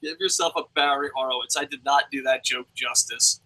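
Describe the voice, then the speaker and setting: A young man hosting a casual live review alone, reading viewer comments aloud and swearing freely as he jumps between loud outbursts and mumbled asides. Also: mid-range voice, fairly quick, low-quality recording. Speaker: show host.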